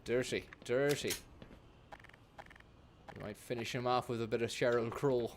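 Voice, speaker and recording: A man giving sweary, joking live commentary while playing a game, now and then bursting into loud shouts. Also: mid-range voice, moderate pace, pauses often, music in the background. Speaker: gaming streamer.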